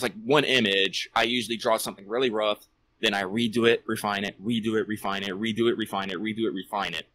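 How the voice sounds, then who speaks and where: A man's voice: fairly low pitch, a bit bright. Self-deprecating man in his thirties. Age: 30s. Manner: self-deprecating, rambling, swears casually. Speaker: podcast co-host. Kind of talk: casual chat.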